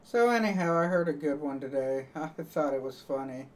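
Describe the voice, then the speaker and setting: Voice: mid-range voice, animated, moderate pace, recorded from a distance. A live streamer chatting casually to viewers, rambling and joking, laughing at their own jokes.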